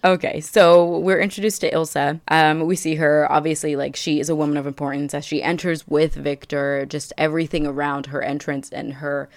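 A woman's voice: low-pitched, little pitch movement, normal speed, few pauses, no room sound, studio quality. A young woman co-hosting a podcast, chatting casually and gushing as she recaps a movie and acts out the characters' lines. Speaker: podcast co-host.

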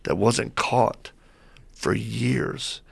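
A man as a guest on a faith talk show, telling stories in a lively way and acting out what people said. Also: medium pitch, extremely slow, creaky, slightly rough. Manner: lively storyteller who acts out quoted voices.

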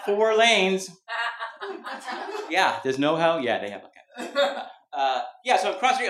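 A man's voice: high-pitched, big pitch swings, a little slow, long pauses, a bit bright. A man from California doing a rambling, self-mocking stand-up set on a club stage before a live audience. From Mountain View, California. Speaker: stand-up comedian. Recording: roomy live club recording, background noise.

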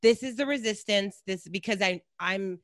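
A woman talking casually as a podcast guest, lively and given to acting out her own thoughts. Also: medium pitch, normal speed, no room sound, clean studio sound. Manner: animated, acts out her own thoughts in quoted voices. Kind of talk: casual conversation.

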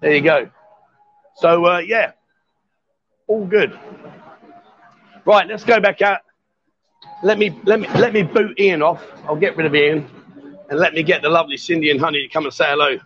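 High-voiced man, jovial bar host. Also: moderate pace, pauses often, a bit bright, slight background noise. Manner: jovial, teasing banter. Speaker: live stream host in a bar. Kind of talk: live stream chat. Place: bar, indoors. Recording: dull lo-fi stream audio.

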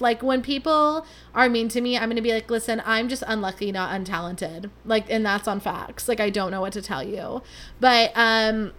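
A woman's voice: a little high, fairly bright tone. A young woman hosting a podcast, talking in a rambling, dramatic and self-mocking way. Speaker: podcast host. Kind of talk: casual chat.

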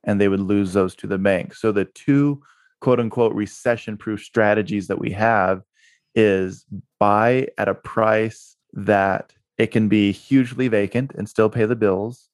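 Podcast guest: man, low voice, energetic anecdote-driven talker, dry studio sound. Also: dry recording. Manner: energetic storyteller who repeats words for emphasis. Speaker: guest, real estate investor and broker. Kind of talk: podcast interview. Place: Utah.

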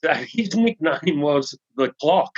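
A man co-hosts a podcast, telling a long joke in a relaxed, stop-start way full of ums and restarts. His voice sits a little high. The recording is dry and slightly dull. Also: slow, slightly rough, dry recording. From Australia. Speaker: podcast co-host. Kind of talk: casual chat, telling a joke. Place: home studio in the UK.

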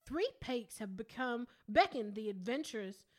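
A woman putting on a Southern accent to grandly read bottle copy, like a drawling belle reading an ad, slow and theatrical. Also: a little high, expressive, natural voice. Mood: grandiose. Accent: put-on Southern US.

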